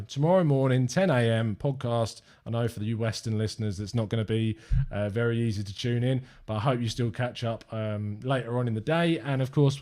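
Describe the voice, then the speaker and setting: Chatty young English fan-channel host. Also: male voice, mid-range voice. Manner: chatty and upbeat, rambling with fillers. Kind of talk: live-stream chat with viewers.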